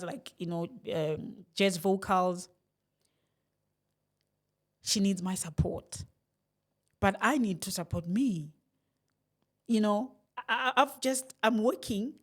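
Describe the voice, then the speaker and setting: Reflective South African woman vlogging. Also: mid-range voice. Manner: reflective, rambling, with sighs and soft laughs. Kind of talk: candid personal vlog monologue.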